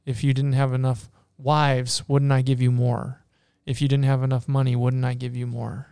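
A stern male God firing off solemn, reproachful questions, as a man puts him on while retelling a story. The voice sits a touch lower than his usual talk, smooth and clear. It is recorded close and dry. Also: level tone, normal speed, warm tone, dry recording, lightly acted.

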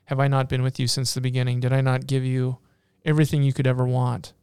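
A man's voice: medium pitch, completely flat delivery, quick pace, a little mellow, clear, resonant tone, no echo, close to an everyday voice. A man voicing God as a stern male deity, rebuking a king with solemn, pointed questions. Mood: stern reproach.

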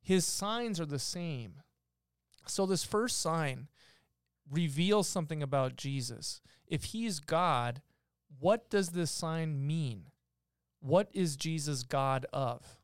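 A man's voice: fairly high pitch, animated, slow, clear, resonant tone, no echo, studio quality. A man on a podcast explaining a Bible passage in a casual teaching way, reading verses aloud and stopping often to restart his sentences. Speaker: podcast co-host teaching scripture.

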